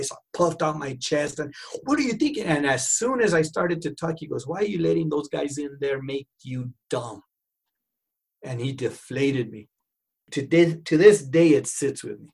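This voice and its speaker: A man telling a personal story in an animated way, swinging from loud to hushed and mixing Spanish phrases into his English. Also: mid-range voice, husky, rough recording.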